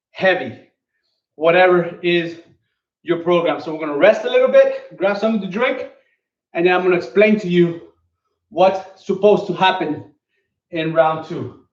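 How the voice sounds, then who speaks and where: A man coaching a home workout, counting his reps aloud as he exercises, recorded from a distance in a room at home. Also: high-pitched. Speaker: fitness coach. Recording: echoey distant lo-fi home video.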